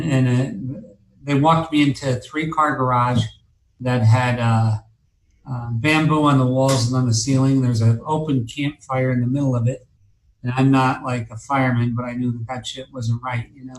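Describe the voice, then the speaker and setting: A man tells a long story in a loose, rambling way, cursing freely and restarting his sentences over and over. His voice sits at an ordinary pitch for a man. It is recorded in an echoey room with a faint hum of ambience behind him. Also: steady tone, moderate pace. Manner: rambling, profane, many restarts and fillers. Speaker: guest telling his story. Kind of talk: casual storytelling.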